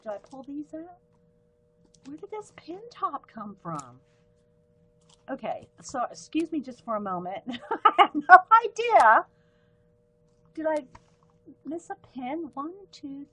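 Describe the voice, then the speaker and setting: A woman's voice: a little high, rough recording. A woman with a light Southern accent hosting a casual live art stream, chatting in a rambling way with frequent ums and self-corrections while she tries out pens at her desk. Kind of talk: casual livestream chat.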